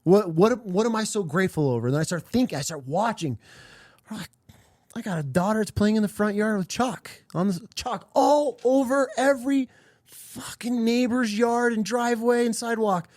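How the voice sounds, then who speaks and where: A man's voice: very high voice, normal speed, a little mellow, no echo, studio quality. Profane, emotional man hosting a podcast. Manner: emotional, profane, rambling storytelling. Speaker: podcast host. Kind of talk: candid personal podcast talk.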